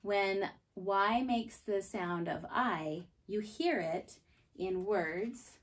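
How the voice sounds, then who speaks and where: A woman teaching a phonics lesson to preschool children. She speaks slowly and clearly and says each word twice, with excited bursts on the exclamations. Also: medium pitch.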